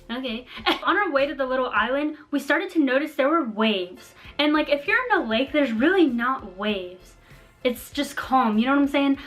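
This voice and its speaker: A young woman vlogger telling a story in a chatty, animated way, full of slang and fillers. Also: high-pitched. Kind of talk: casual storytime vlog.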